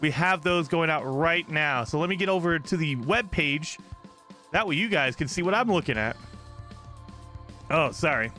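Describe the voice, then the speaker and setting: Upbeat, bright-voiced tired streamer guy. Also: on the high side, normal speed, faint music behind. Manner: excitable, rambling, talks to chat. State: exhausted from little sleep. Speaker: gaming streamer. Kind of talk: casual live stream chat.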